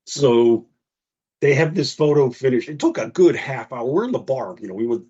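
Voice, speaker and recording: Husky man telling a lively story. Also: medium pitch, normal speed, dull audio. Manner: animated storyteller, acts out quotes in a raised voice. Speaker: radio show co-host. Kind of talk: casual chat, storytelling.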